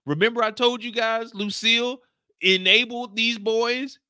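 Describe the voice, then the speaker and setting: A man's voice: extremely high pitch, steady tone, a little slow, pushed and bright, clear, resonant tone, dry recording, studio quality. A man with an American accent recapping a TV episode in casual, slangy chat, reading out viewer questions and reacting playfully. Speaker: show recap host.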